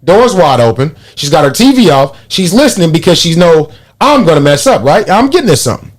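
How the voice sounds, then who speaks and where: Animated high-voiced man telling stories. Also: brisk. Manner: animated storytelling, profane, laughs often. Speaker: podcast host. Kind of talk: casual chat.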